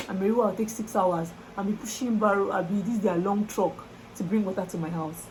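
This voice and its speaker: A young Nigerian woman with a Nigerian accent chatting to camera in a lively, exclamatory vlog style. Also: mid-range voice, fast, slight background noise, rough recording. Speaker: vlogger. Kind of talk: casual chat to camera.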